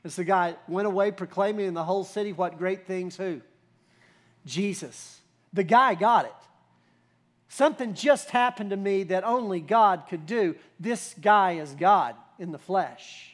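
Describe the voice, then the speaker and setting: Pastor, male, higher-pitched voice; conversational sermon, rhetorical questions, builds to emphasis. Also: unhurried.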